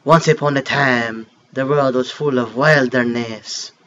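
A man putting on a hushed mock-French creature narrator. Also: mid-range voice, fairly even intonation, a little slow, lo-fi sound, pitched below the performer's own voice. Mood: solemn, hushed. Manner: hushed, dramatic storytelling. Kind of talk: reading game text aloud.

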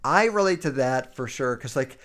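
A man in his early twenties hosting a podcast, ranting casually in a blunt, profane, animated way. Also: mid-range voice, normal speed. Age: 20s. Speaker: podcast host. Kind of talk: casual rant.

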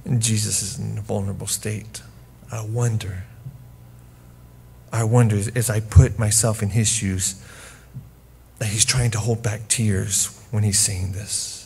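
A male pastor delivers a sermon at an unhurried, deliberate pace. His voice carries a gravelly, husky edge. He speaks intimately and often softly, dropping almost to a whisper before building to strong, emphatic peaks. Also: on the low side, fairly even intonation. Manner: intimate and hushed, drops to whispers, then rises to forceful emphasis. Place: church.

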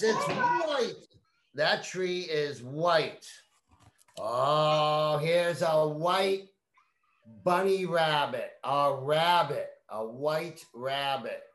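Slow, coaxing woman teacher. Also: low voice, fairly bright tone. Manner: slow, repetitive and coaxing, prompting children to repeat words. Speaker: kindergarten teacher. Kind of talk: reading a picture book to young children.

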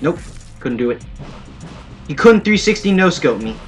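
A young man with a fairly high, sing-song voice speaks at normal speed while playing a shooter game. His let's-play commentary is playful and sarcastic, peppered with jokes, as faint game music plays behind him.

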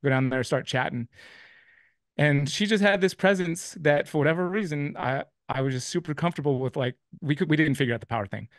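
A man shares his faith testimony as a guest, speaking a little fast in a fairly high voice. He rambles, restarting often and performing people's words as quoted dialogue. The recording is studio quality, without any room sound.

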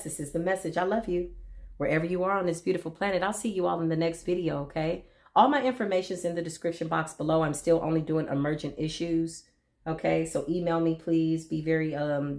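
A woman giving a tarot reading to her viewers, sassy and preachy, with sudden loud call-outs. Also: sits low. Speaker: tarot reader.

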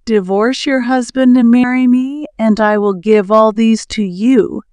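A woman's voice: fairly high pitch, fairly even intonation, unhurried, darkish tone, clean tone, dry recording, close to an everyday voice. A woman reading the lines of a rich, handsome man in a storybook tale, coaxing in her own plain reading voice.

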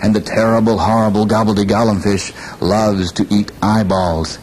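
A man's voice: fairly low pitch, little pitch movement, moderate pace, darkish tone, slight background noise, natural voice, low-quality recording. A man doing a polite nervous crab. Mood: cautious. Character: small careful playful crab, male.

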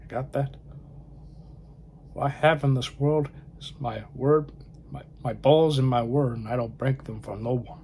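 A man's voice: mid-range voice, measured pace, long pauses, warm tone, slight background noise, close to an everyday voice. A man doing an impression of a tough, boastful Cuban gangster, with an attempted Cuban accent. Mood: menacing.

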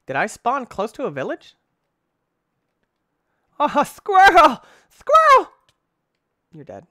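A young male gaming YouTuber, his voice sitting high, gives excitable let's-play commentary, talking to himself, exclaiming, and swapping in mild cursing substitutes. The recording is studio quality with no echo.

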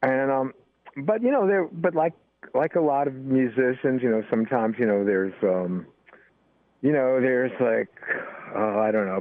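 A man's voice: on the low side, dry recording. An older American man, a guest musician, chatting casually and rambling with many fillers. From United States. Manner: rambling, full of "you know" fillers. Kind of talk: casual interview talk. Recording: tinny phone-line sound.

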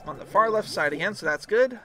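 Woman streamer chatting thru a match, mid pitch, game music going behind her. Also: lively intonation, brisk, a bit bright. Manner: chatty, reacts aloud to the match. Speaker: gaming streamer. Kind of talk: casual gameplay commentary.

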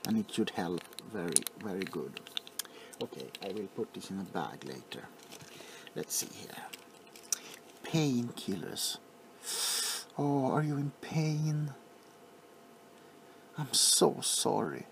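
A man playing an overly attached, sentimental pharmacist in a whispered role-play, softly fussing and apologizing. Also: fairly low pitch, lively intonation, slow pace, vocal fry, long pauses, noisy background, full character voice.

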